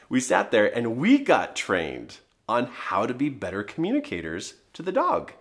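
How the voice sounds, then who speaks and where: A middle-aged man coaches parents in an emphatic, motivational teaching talk. His pitch swings widely from low to high as he presses his points with rhetorical questions. The voice sits at an ordinary middle height. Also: a bit bright.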